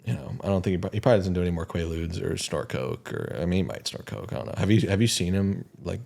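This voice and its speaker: A podcast co-host talks in a loose, casual way. His voice sits very low and has a gravelly fry to it. He gets animated retelling movie scenes and acts out the lines. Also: fast talker. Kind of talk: casual chat.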